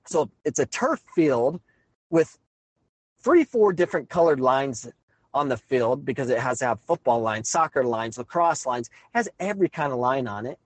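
Middle-aged male coach, fed-up ranting monologue, mid-pitched, dry close recording. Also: lively intonation, normal speed, dry recording, low-quality recording. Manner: exasperated, ranting. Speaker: high school soccer coach. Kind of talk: frustrated monologue.

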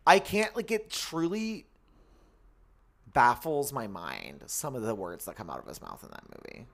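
A man's voice: mid-range voice, sing-song, moderate pace, gravelly, fairly bright tone. A man co-hosting a podcast in casual, campy chat, swearing freely. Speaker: podcast co-host.

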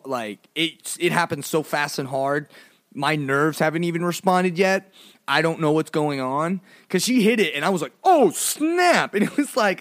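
A man's voice: dry recording, studio quality. A man hosting a podcast, casually telling a funny childhood story, full of "like" and playful asides. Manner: animated, swings between low mumbles and high exclamations; lots of "like" fillers, playful. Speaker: podcast host.

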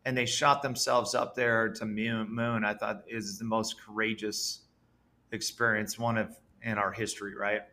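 A man's voice: lowish voice, level tone, a little slow, bright, forceful tone. A man, a business founder, being interviewed on a podcast, talking earnestly and enthusiastically. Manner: earnest, enthusiastic, speaks with conviction. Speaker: entrepreneur guest. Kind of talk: conversational interview.

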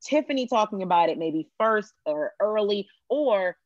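A woman's voice: medium pitch, expressive, moderate pace, no echo. Woman, podcast host, earnest, rambling sentences, dull lo-fi audio. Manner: earnest, talks in long winding sentences. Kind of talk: casual pop culture chat.

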